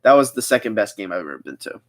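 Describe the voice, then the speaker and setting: A man's voice: lowish voice, big pitch swings, quick pace, gravelly. Chatty young man reading out live chat. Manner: chatty, rambling, reads chat aloud. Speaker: livestream host.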